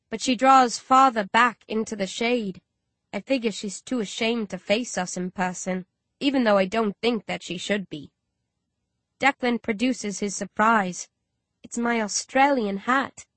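A woman's voice: medium pitch, fairly bright tone, no room sound. A woman reading a first-person story aloud as an audiobook narrator, shifting her voice slightly for each character.

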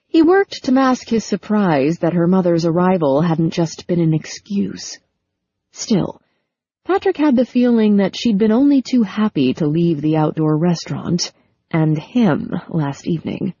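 A woman narrating a novel in a measured storytelling manner. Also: lowish voice, animated, mellow, breathy edge, no room sound. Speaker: audiobook narrator. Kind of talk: scripted narration. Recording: dull lo-fi sound.

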